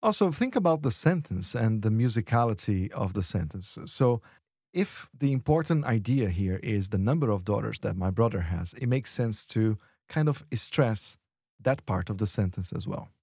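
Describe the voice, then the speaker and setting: Man, teacher, patient, encouraging, slow model phrases, husky. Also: lowish voice, expressive, mellow, no room sound, clean studio sound. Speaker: Portuguese teacher. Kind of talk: language lesson podcast.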